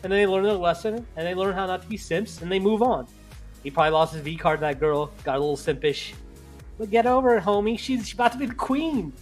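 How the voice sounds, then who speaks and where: A man hosting a casual TV recap podcast, talking in an animated, slangy, joking way. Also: high-pitched, quick pace, faint music behind. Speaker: podcast host.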